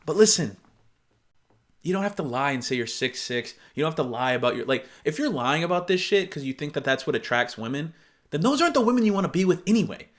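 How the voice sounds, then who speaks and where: A young man with a slightly high voice reacts to posts in casual commentary. He talks bluntly and swears freely, breaking into animated outbursts between readings. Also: fast.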